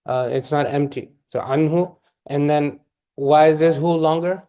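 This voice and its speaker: A man teaching tajweed, patiently correcting students and modeling the recitation slowly. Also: fairly high pitch, steady tone, warm tone, clear, resonant tone.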